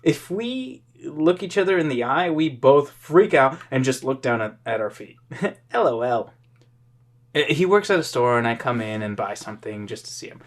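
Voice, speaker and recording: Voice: mid-range voice, lively intonation. A tipsy podcast co-host who reads posts aloud and teases their partner with dry remarks. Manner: slow, drawn-out reading, dry teasing. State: tipsy from drinking. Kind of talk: casual reading and banter.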